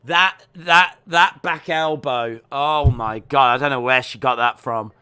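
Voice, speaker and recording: Male streamer, excitable reactor, slow-spoken between outbursts, bright tone. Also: mid-range voice, clean tone. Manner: excitable, shouting and exclaiming in bursts. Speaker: live stream watch-along host. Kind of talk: live fight reaction commentary.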